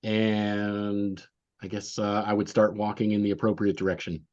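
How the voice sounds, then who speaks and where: A man playing in an online tabletop game, speaking slowly and hesitantly. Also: lowish voice, flat delivery, darkish tone, dull audio. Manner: slow, hesitant. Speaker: player. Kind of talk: online tabletop role-play.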